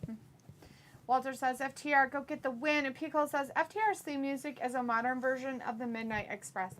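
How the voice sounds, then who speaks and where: A woman's voice: on the high side, a little hiss or hum. An American woman co-hosting a wrestling watch-along stream, chatting casually, giggling often and reading viewer comments aloud in playful voices.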